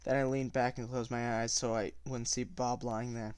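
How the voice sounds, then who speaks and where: A man reading a novel aloud at a steady pace, with small slips and self-corrections. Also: mid-range voice, normal speed, clean tone, dry recording. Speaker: audiobook reader.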